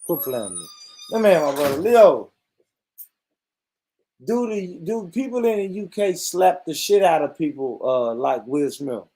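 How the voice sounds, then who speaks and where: On his vlog, a man with a slightly high voice talks a little slowly. His comedic rant is animated and profane, and he laughs often throughout.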